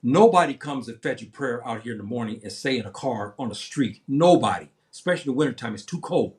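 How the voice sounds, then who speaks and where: Old guy in his 70s on a livestream, fired up, rambles, keeps repeating himself, mid-pitch voice. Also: expressive, fast. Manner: heated, repetitive, rambling with many restarts. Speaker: livestream host. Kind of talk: impassioned livestream monologue.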